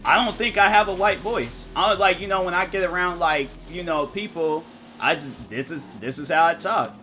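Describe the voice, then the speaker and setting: Bright-voiced man chatting on stream. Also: sits high, normal speed, soft background music. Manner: rambling, thinking aloud with many restarts. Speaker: gaming streamer. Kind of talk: casual chat with viewers while streaming.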